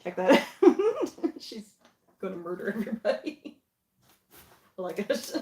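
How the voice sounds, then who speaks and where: Woman, mid-pitch, upbeat and giggly unboxing host; echoey home room. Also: expressive, slow pace, a little mellow. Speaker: livestream host. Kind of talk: casual unboxing chat. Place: home basement.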